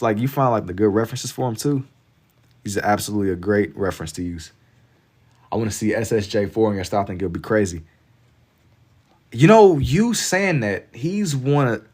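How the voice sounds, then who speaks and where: A man's voice: on the low side, a little mellow. A man from Kentucky with a Southern accent, chatting casually and rambling with lots of "like" while he draws on a live stream. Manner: laid-back, rambling, heavy on filler "like".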